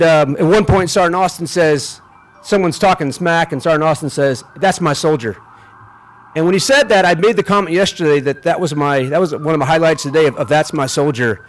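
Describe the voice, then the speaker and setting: Middle-aged male general, outdoor ceremony speech, slightly higher voice, halting and folksy. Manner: folksy, self-deprecating, halting with restarts. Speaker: general officer speaking at a ceremony. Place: outdoors on a field.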